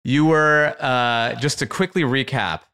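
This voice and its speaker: A man hosts a casual interview show in an upbeat voice of middle pitch. He jokes freely and laughs often as he talks. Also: unhurried, sharp tone, clean tone. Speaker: podcast host.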